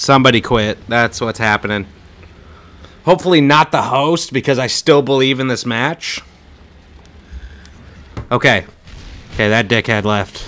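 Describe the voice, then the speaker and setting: Young man, gaming commentary, bright sharp voice, mid pitch, rowdy trash talk, headset mic. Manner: loud, excitable trash talk, swearing, bursts of shouting. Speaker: gaming streamer. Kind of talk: casual gameplay commentary.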